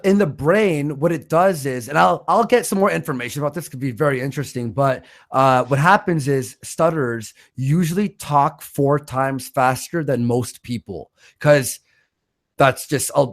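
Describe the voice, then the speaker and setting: A man hosting a livestream, reading out donations in blunt, swear-heavy casual chat, with a stutter and a voice roughened by smoking. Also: mid-range voice, normal speed. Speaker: livestream host.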